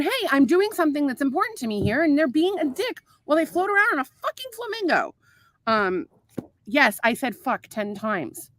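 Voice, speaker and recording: A woman's voice: high voice, big pitch swings, a little fast, pushed and bright. A woman co-hosting a casual podcast, talking with lots of swearing and filler ums in an exasperated way. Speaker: podcast co-host. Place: outdoors at a home pool.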